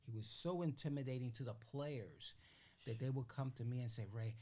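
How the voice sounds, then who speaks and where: An older man, a guest on a podcast, telling stories in a casual, animated way. He acts out the voices of the people he quotes and keeps asking "you know what I'm saying?". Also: mid-range voice, normal speed. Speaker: interview guest. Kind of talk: casual storytelling.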